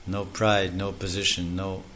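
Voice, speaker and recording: A man's voice: low voice, flat delivery, unhurried, fairly bright tone, slight background noise. A man preaching a devotional sermon in an explanatory way, with many Sanskrit terms and lists of steps.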